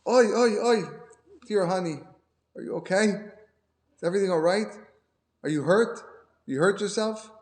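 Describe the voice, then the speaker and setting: A man's voice: sits high, moderate pace, pauses often, voice pushed up, natural voice. A man voicing a caring young wife who fusses anxiously over her husband. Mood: worried. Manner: anxious, doting questions. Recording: roomy echo.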